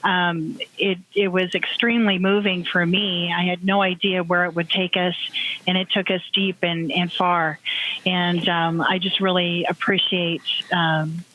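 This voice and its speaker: A woman podcast guest in a casual group check-in, earnest and measured, with frequent ums. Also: on the low side, flat delivery, fairly bright tone, low-quality recording.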